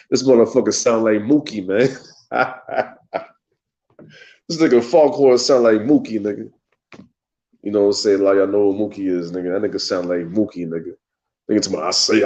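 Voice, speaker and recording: Young man, very low voice, loose slangy rambling, swears a lot, host talking solo. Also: darkish tone, rough recording. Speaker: show host. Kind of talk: casual solo talk.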